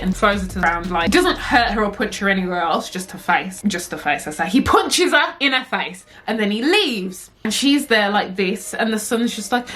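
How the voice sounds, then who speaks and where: A young woman telling a story to camera, animated and slangy, swearing and acting out the characters. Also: mid-range voice, a little fast, few pauses. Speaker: vlogger. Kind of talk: story time chat.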